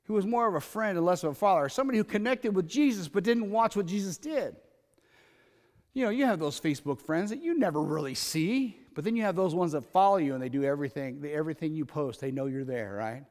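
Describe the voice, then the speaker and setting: A man preaching a sermon in a conversational way, alternating loud emphatic lines with quiet asides. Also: on the high side, lively intonation, fast talker, big-room sound. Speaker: pastor.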